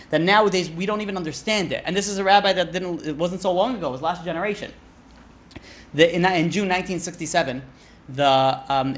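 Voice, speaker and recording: A man, a rabbi, giving an informal Torah class, chatty and often interrupting himself to joke with the room. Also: fairly high pitch. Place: classroom with a live audience.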